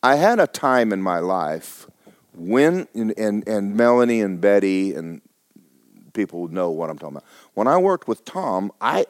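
A middle-aged man preaches as a pastor and tells a personal story. His voice sits a little low, but it leaps up when he gets worked up and drops to a hush in other moments. He stumbles into restarts often, and the sound is dry and close to the mic. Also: dry recording. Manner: animated, swings from hushed to loud and high; stammering restarts. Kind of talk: sermon storytelling.

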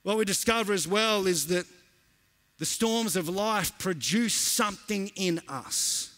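A man preaching as a pastor, an animated storyteller who repeats lines for emphasis. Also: sits high, unhurried. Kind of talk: sermon with storytelling.

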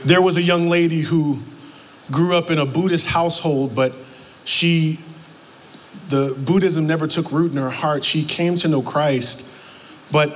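A man preaching a sermon as pastor, in a conversational, animated way that keeps breaking into acted-out quotes. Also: fairly high pitch. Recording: long reverb of a large hall, faint noise.

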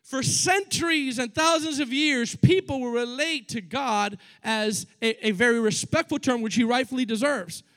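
High-voiced animated male preacher. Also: normal speed, few pauses. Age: middle-aged. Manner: animated, acts out biblical dialogue in casual slang. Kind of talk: sermon.

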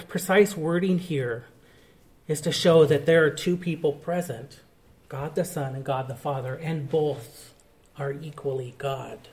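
A man's voice: fairly high pitch, a little mellow. A male pastor preaching a sermon, explaining a point of scripture in an earnest, teaching manner.

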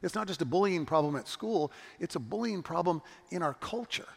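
A man's voice: sits high, animated, fairly quick, gravelly, breathy edge, long reverb tail. A man preaching a sermon in an earnest, storytelling manner, often restarting his words. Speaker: pastor.

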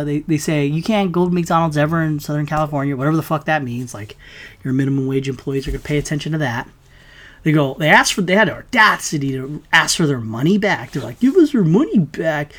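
A man hosting his own show, delivering a heated, profane, sarcastic solo rant to his listeners. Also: a little high. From United States. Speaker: podcast host.

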